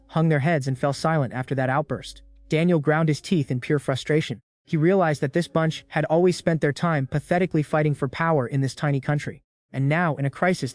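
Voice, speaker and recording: A man narrating a recap in a brisk, casual storytelling style. His voice sits a little high, and the recording is dry and close with no room sound. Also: no echo. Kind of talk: scripted narration.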